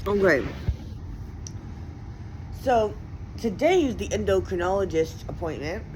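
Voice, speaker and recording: In a rough recording with slight background noise, a woman with a mid-range, expressive, somewhat mellow voice vlogs at an unhurried pace. Her casual rant is profane and meandering, full of fillers, and climbs sharply in pitch when she gets indignant.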